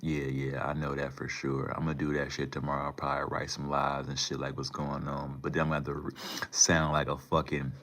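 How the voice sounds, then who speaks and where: Very deep-voiced man rambling to his chat. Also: completely flat delivery, brisk, a bit bright. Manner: rambling, slangy, talks back to chat. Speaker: livestream host. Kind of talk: casual livestream chat.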